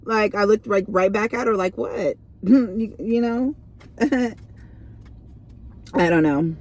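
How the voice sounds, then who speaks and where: A woman's voice: medium pitch, slow. A young woman reading tarot in a casual vlog, chatty and rambling, full of fillers and restarts. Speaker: tarot reader.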